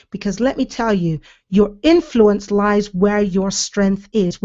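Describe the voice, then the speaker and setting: A woman's voice: mid-range voice, mellow. A woman hosting her own show as a speaking coach, giving a passionate, emphatic motivational talk. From Britain. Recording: slightly dull lo-fi audio.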